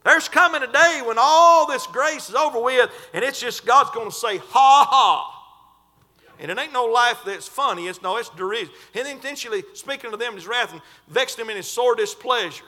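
A man preaching a sermon in a fervent, folksy way, stretching and shouting scripture lines. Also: extremely high pitch, brisk, few pauses. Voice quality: folksy, colloquial.

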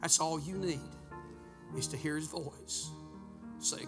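Middle-aged man, revival pastor, fervent and rhythmic, drops to hushed tones, slightly high voice, soft music under him. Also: measured pace. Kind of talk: revival sermon with altar call. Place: church sanctuary.

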